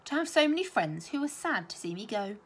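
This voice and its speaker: A stern, gaunt older governess speaks in a gruff, dry and clipped manner, as a woman reads her lines. It sounds like a storybook read aloud. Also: a little high, big pitch swings, brisk.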